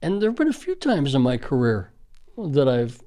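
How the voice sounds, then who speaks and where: A man's voice: mid-range voice, huge pitch swings, normal speed, mellow. A middle-aged man, a school safety official, earnestly reminiscing in conversational storytelling with frequent fillers.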